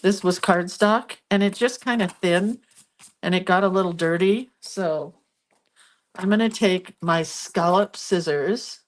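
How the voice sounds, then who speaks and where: A woman's voice: lowish voice, unhurried. A congested, sniffly woman hosting a casual crafting demo, chatting and laughing at herself while she works. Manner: chatty, self-deprecating, talks while working. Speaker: craft video host.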